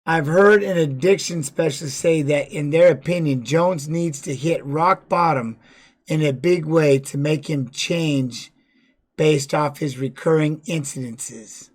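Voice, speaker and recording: Man, fairly high voice, casual stream commentary, blunt, swears a lot, hammers words by repeating them. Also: a little slow. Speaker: streamer commenting on fight videos.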